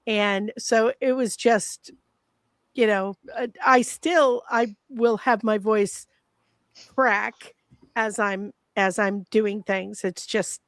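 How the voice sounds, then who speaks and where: A woman in her fifties with a gravelly voice, reflecting casually on her past acting work on a panel. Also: mid-range voice, fairly even intonation, slow, dry recording. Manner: reflective, warm storytelling with laughs. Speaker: guest, former child actress.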